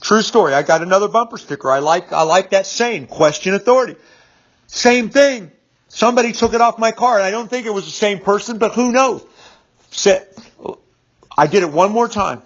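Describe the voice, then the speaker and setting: Guy in his fifties rambling through a story, kinda high voice for a man, lots of um and restarts, muffled lo-fi audio. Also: moderate pace. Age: 50s. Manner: rambling, repeats words, frequent fillers. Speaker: business speaker. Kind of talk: casual storytelling monologue. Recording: dull lo-fi recording.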